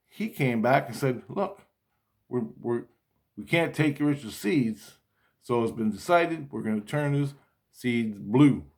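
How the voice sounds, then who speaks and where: A middle-aged man talks straight to his audience in a loose, rambling monologue. He curses freely, stumbles and restarts his sentences, and slips into quoted back-and-forth dialogue. His voice sits at an ordinary middle pitch. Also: darkish tone. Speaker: vlogger.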